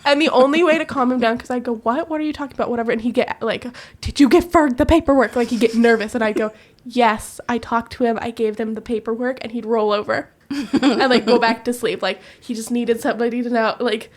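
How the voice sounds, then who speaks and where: A woman co-hosting a podcast, telling animated stories in casual chat and laughing often. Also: fairly high pitch, quick pace. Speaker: podcast co-host. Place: US-born living in Korea.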